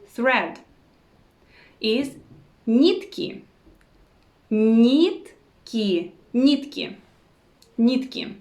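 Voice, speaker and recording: A woman teaching a language lesson who says each word slowly and repeats it several times, with short words of encouragement. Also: on the high side, a little mellow, echoey room. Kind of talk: slow repeat-after-me pronunciation lesson.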